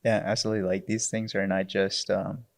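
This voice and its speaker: A man with a somewhat low voice hosts a casual interview. He asks relaxed questions and answers his guest with quick, encouraging reactions. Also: gravelly. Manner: short encouraging reactions, laid-back questions. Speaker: podcast host.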